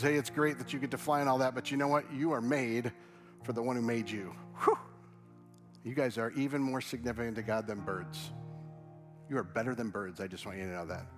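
A man preaching a sermon and leading a prayer as pastor, earnest and pleading, his voice dropping soft and low as he prays. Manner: animated, rising questions to the congregation.

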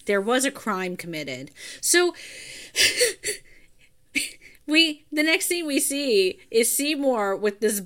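A woman co-host from Ohio with a bright, lively voice that swings up and down a lot. She chats casually, laughs often and throws in dry side comments. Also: high voice, extremely slow. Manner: chatty, laughs often, wry asides. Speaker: podcast co-host. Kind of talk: casual chat.

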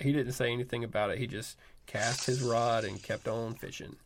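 A man's voice: mid-range voice, fast, a little hiss or hum. A man telling a personal story in a wry, self-deprecating, conversational way, full of casual fillers. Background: music score.

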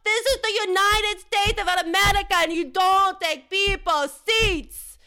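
A woman voicing a furious male coworker who shouts in broken English. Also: very high voice, fairly even intonation, unhurried, pitched above the performer's own voice, full character voice.

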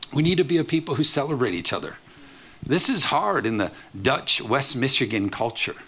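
Animated pastor preaching. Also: male voice, mid-range voice. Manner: animated, acts out quoted voices with humor. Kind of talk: sermon.

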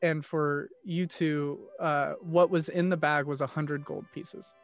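A man's voice: on the high side, steady tone, slow, gravelly, faint music behind. Man thinking aloud as a player. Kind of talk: casual tabletop play.

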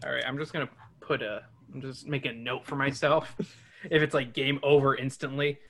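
In a mid-range voice and at a brisk clip, a man hosting a podcast reads aloud from a children's adventure book, performing character voices and tossing in animated asides.

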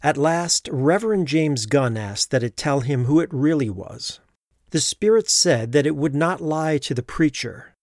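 A man narrating a scripted ghost story with measured, even delivery. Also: on the high side, no room sound, clean studio sound.

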